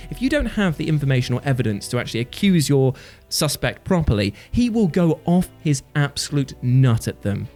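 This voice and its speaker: A man hosting a comedic gaming list video, jokey and animated, with a warm, earnest sign-off. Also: a little high. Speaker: host.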